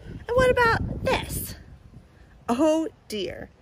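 A woman's voice: very high voice, sing-song, extremely slow, heavy background noise, voice pushed up, exaggerated voice. A woman voicing a teasing jungle animal that mocks a little mouse, in a storybook read-aloud. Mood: mocking. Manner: mocking, scoffing.

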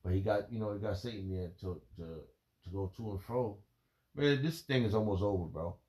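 A man in a rambling spiritual monologue, emotional and halting, peppering his talk with "man" and "bro". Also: on the low side, darkish tone. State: emotional, holding back tears.

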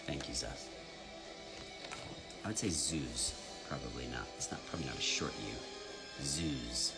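A man's voice: extremely low pitch, animated, normal speed, vocal fry, over loud music. A man chatting casually on a live stream, reading out fans' names, spelling them, and signing orders in a playful way.

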